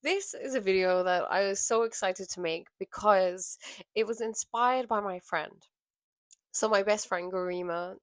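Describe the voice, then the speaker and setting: A woman vlogger telling a personal story in an earnest, emotional way, with soft laughs and many fillers. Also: mid-range voice, expressive, a little slow, dry recording, clean studio sound.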